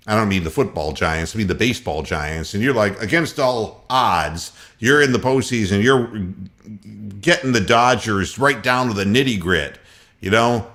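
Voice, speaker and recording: Male sports radio host, sarcastic profane ranter, lively pitch, bright tone. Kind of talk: ranting sports commentary.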